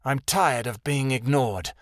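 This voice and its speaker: A man's voice: mid-range voice, slow, dry recording, studio quality, close to an everyday voice. A man voicing a cold proud dragon. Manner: cold and curt.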